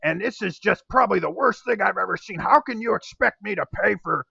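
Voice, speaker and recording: A man voicing a larger male tavern owner, loudly berating a singer. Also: sits high, a little fast, creaky, breathy edge, no echo, dull audio, voice pushed up, exaggerated voice. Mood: furious. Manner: shouting, berating.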